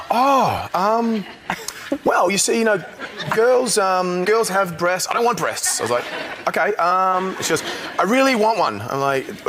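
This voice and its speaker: A man's voice: high voice, heavy background noise. A man telling a story about his young daughter, hesitant and fumbling with ums. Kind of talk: casual anecdote.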